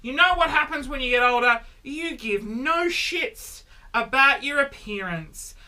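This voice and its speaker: A man in his thirties delivering a comedic vlog monologue, animated and exaggerated, with sudden loud exclamations. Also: extremely high pitch, a little slow. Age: 30s. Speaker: vlogger.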